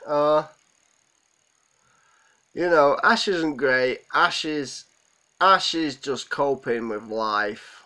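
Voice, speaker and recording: A man's voice: a little high, lively intonation, very slow, pauses often, pushed and bright, poor audio. A man hosting a live stream, holding back tears as he rambles and answers viewers' comments. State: close to tears. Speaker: livestream host. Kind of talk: emotional live stream chat.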